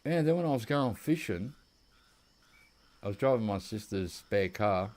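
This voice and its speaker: Here the Australian gaming commentator plays a hunting game, wandering through stories in relaxed chat. He speaks at normal speed in a lowish, slightly mellow voice with lively intonation.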